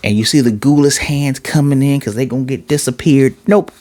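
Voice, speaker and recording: A man giving a casual, excitable episode recap and review, jumping into different voices for the characters. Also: mid-range voice, brisk, dry recording. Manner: excitable, acts out characters' lines in shifting voices. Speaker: anime reviewer.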